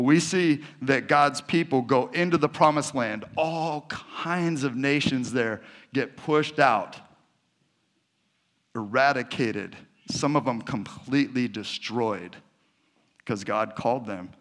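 A man's voice: mid-range voice, measured pace. A middle-aged man giving a sermon, telling personal stories and acting out the dialogue in them. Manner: animated storyteller acting out dialogue. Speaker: pastor.

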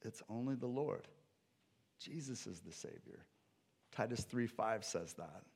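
A male pastor preaching a sermon in a conversational way, moving between loud urgency and quiet intensity. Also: lowish voice, lively intonation, unhurried, creaky, husky.

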